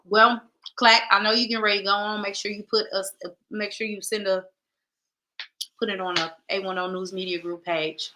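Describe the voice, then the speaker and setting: A woman hosting a podcast, chatting casually with her viewers and reading their comments in a lively, direct way. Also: medium pitch. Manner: lively, talks straight to viewers, drawn-out "child, listen". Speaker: podcast host.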